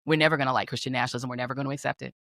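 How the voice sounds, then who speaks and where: A woman's voice: extremely low pitch, fairly even intonation, rapid-fire, vocal fry, fairly bright tone, dry recording. A woman delivering an impassioned political rant, fiery and rhetorical, hammering repeated phrases for emphasis. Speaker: political commentator.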